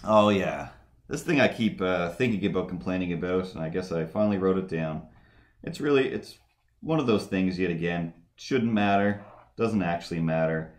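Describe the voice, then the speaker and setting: A man's voice: deep voice, expressive, normal speed. A man hosting a live drawing stream, chatting casually in a rambling way with many fillers and restarts. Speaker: livestream host.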